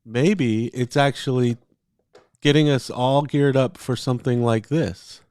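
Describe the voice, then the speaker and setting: A man talking casually on a podcast, with a steady middle pitch. He rambles a bit, circles back and starts sentences over. The sound is dry and close to the mic. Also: measured pace, clean tone, no room sound. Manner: chatty, reads passages aloud, frequent fillers and restarts. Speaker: podcast co-host. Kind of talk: casual chat.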